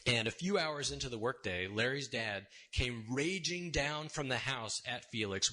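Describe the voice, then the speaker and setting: A man's voice: medium pitch, sharp tone. A man giving a conversational, storytelling sermon in a church, casual and wry, often checking in with his listeners. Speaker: sermon speaker. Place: church sanctuary.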